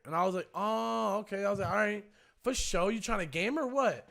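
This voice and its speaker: A man's voice: high-pitched, fairly quick, creaky, fairly bright tone. A young man in his twenties, a streamer casually telling a story with lots of swearing and acting out both sides of the phone calls.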